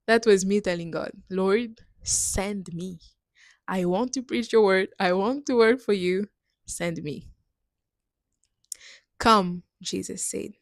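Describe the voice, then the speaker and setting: A woman's voice: medium pitch, no room sound. Earnest woman sharing a faith story. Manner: earnest, emotional, laughs between lines. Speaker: missionary sharing testimony. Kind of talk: personal faith testimony.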